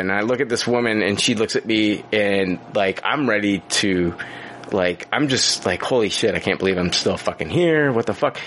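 A man co-hosting a podcast, telling stories in casual chat with lots of swearing and filler words. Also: lowish voice. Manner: animated storytelling, heavy swearing and filler words. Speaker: podcast co-host.

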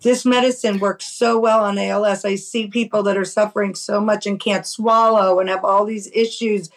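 A woman from New York City speaks as a podcast guest, quick and insistent, piling one point on the next. Her voice sits at an ordinary middle pitch, and she stresses her claims with force. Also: steady tone, rough recording. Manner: fast, enthusiastic, emphatic. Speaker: guest, cannabis medicine grower. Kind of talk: casual interview chat.

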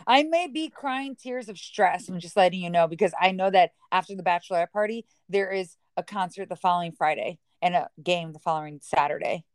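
A woman's voice: lowish voice, brisk, hardly any pauses, dry recording. A woman, the bride, chatting casually and teasing her maid of honor. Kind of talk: casual chat.

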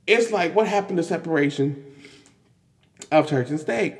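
A man giving casual, animated commentary on news, exasperated and full of restarts and fillers. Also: a little high, moderate pace. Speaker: commentary vlogger. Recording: long hall reverb.

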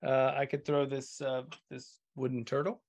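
Gravelly man chatting on a video call. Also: medium pitch, flat delivery, darkish tone. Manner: halting, many filler sounds. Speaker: podcast co-host. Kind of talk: casual chat.

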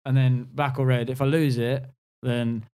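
A man's voice: medium pitch, flat delivery, moderate pace, warm tone, clear, resonant tone. A man in casual podcast chat, telling stories and teasing his friends.

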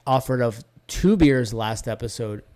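A man's voice: medium pitch, animated, measured pace, a little mellow. Teasing, crude male podcast co-host. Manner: teasing, crude sidekick who laughs a lot. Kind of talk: casual comedic podcast banter.

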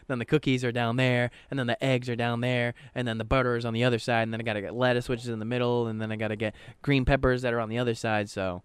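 A man's voice: medium pitch, level tone, fast, few pauses, smooth, no echo. A man co-hosting a podcast, talking in a rambling, casual way and swearing often. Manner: rambling, swears often, quotes others in his own voice. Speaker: podcast co-host.

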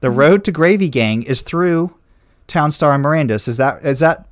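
A man's voice: fairly high pitch, lively intonation, moderate pace. A man hosting a casual joking chat stream, in a mock-serious, self-promoting manner. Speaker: stream host.

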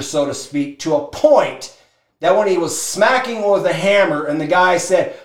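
Animated man in an echoey room. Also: a little high. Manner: animated storyteller, acts out quotes, shouts for emphasis. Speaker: motivational speaker. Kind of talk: motivational talk with acted-out story.

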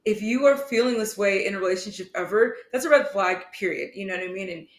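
A woman's voice: medium pitch, fast. Earnest young woman rambling in an echoey room. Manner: earnest, rambling, heavy use of "like". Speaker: podcast co-host. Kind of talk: casual chat.

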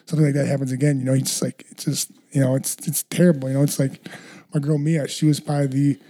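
A man chatting casually as a podcast co-host, telling animated stories full of fillers. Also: medium pitch, fast. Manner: animated storyteller, lots of fillers. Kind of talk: casual chat.

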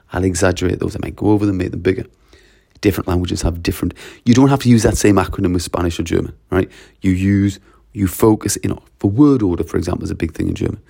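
A man with a Geordie accent talks through his teaching methods in a casual monologue. His voice is very low and gravelly with a mellow, dark tone. He is emphatic and piles up point after point in brisk lists. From North East England. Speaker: language teacher.

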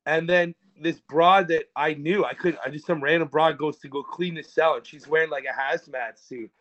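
A man's voice: on the high side, fairly even intonation, moderate pace, a bit bright, lo-fi sound. A man telling rambling, profane stories in a casual podcast chat. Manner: rambling and profane, with frequent restarts. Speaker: podcast co-host.

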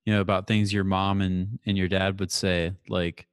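A man in his thirties with a low voice, chatting in an easygoing way. His sound is close and dry, with no room echo. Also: flat delivery, moderate pace, clear, resonant tone. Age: 30s. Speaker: podcast co-host. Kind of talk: casual chat.

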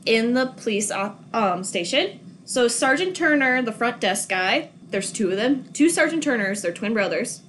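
A young woman from Minnesota co-hosts a casual podcast, recapping a film and laughing often. Her voice sits fairly high and swings widely in pitch, and she swears freely. A faint noise floor runs under the recording. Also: lively intonation, normal speed, hardly any pauses. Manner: giggly, swears casually, bursts into loud laughs. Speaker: podcast co-host.

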